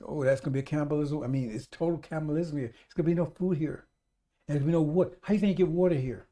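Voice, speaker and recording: A fervent male radio preacher with a mellow, darker tone that sits a little higher than most men's. He repeats his points over and over and keeps calling out to his brothers and sisters, pushing toward loud exhortation. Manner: addresses listeners as brothers and sisters. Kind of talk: streetwise radio sermon.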